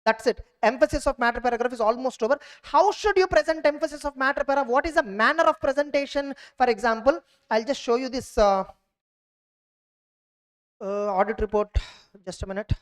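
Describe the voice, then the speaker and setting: A woman giving an exam revision lecture, drilling points and often checking that students follow. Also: sits high. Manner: drilling, keeps checking understanding with quick questions. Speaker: teacher.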